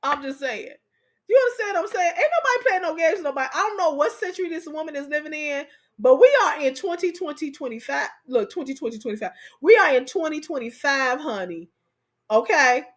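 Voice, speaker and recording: A woman's voice: high voice, brisk. A woman hosting a livestream, chatting casually and playfully with her viewers and laughing often. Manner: animated, laughing, talks straight to viewers. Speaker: live stream host.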